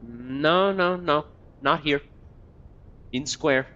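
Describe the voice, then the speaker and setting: A man's voice: fairly high pitch, drawn-out words, bright, forceful tone, pitched above the performer's own voice, heavily acted. A man voicing a nervous, scrawny old male corpse gatherer in a game who mutters in broken, repetitive speech, on a dull lo-fi recording. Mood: twitchy. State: coughing fits.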